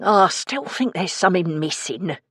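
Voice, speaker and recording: A man's voice: high voice, lively intonation, normal speed, fairly bright tone, breathy edge, no room sound, studio quality, exaggerated voice. A woman doing a flamboyant, bossy man. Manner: sneering, bossy, theatrical. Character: flamboyant, imperious, sharp-tongued man.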